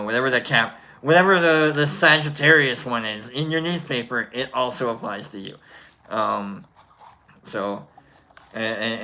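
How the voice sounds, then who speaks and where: A man's voice: medium pitch, pushed and bright, a little hiss or hum, poor audio. A man hosting a casual livestream, rambling and joking with many self-corrections. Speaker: livestream host.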